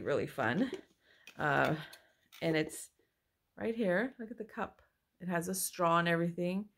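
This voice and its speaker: A woman chatting excitedly at home in a casual haul vlog, often apologizing as she shows things to a handheld camera. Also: fairly low pitch, vocal fry. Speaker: mother showing a thrift haul. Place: at home, indoors. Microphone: handheld phone or camera she moves around.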